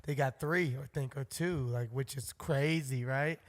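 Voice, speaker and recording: A man's voice: mid-range voice, unhurried. A man co-hosting a podcast, talking bluntly and heatedly in casual chat and swearing freely. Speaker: podcast co-host.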